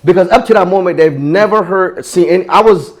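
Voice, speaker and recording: A man's voice: high-pitched, brisk. A man from Ghana, a fashion entrepreneur, telling his story in an interview with passion and emphasis, acting out the voices he quotes.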